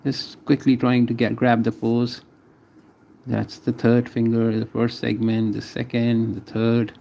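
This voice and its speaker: Man, mellow dark voice, faint background noise, live drawing commentary, casual, names each stroke. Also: mid-range voice, vocal fry. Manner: chats with viewers between strokes. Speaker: artist streaming a drawing session.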